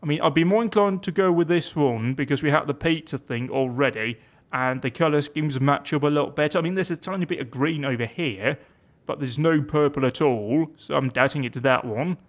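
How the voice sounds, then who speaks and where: A man's voice: fairly high pitch, a little fast. A young man giving casual, chatty commentary on a game, reading its text aloud with wry asides. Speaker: let's play gamer.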